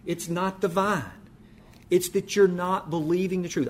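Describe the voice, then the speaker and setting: A man's voice: high-pitched, steady tone, a little slow. Man, pastor teaching a class, emphatic, conversational, plays out quoted voices. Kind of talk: sermon-style teaching.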